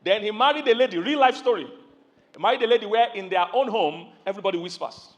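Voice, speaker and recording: A middle-aged Nigerian man preaching a sermon, telling lively stories, asking the audience questions and acting out loud voices. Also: high-pitched, fast, muffled recording. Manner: animated storytelling, calls questions to the audience, acts out loud yelling voices. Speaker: pastor.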